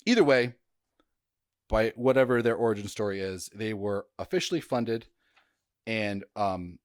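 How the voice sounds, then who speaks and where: A man's voice: on the low side, unhurried, no room sound, clean studio sound. A man hosting a casual history podcast, chatty and jokey, with frequent fillers and stumbles over names. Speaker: podcast host.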